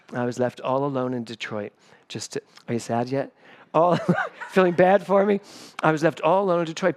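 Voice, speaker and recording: A middle-aged man, the spiritual director of a church, giving a sermon full of personal stories and acting out the voices of people in them. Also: on the high side. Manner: animated, acts out voices in stories. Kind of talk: storytelling sermon. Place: church sanctuary, livestreamed service.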